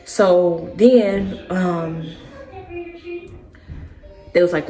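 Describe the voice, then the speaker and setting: Young woman, vlogger, casual storytelling, animated, fairly low voice. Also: fairly quick. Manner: animated, keeps addressing listeners as "y'all"; acts out other people's words as she tells it.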